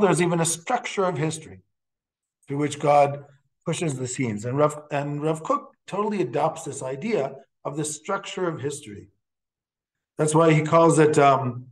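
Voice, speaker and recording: A man teaching as a rabbi in a lecture, talking in halting phrases with frequent restarts and telling stories with quiet laughs. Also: on the high side. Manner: storytelling with laughs and Hebrew quotes. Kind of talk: classroom lecture.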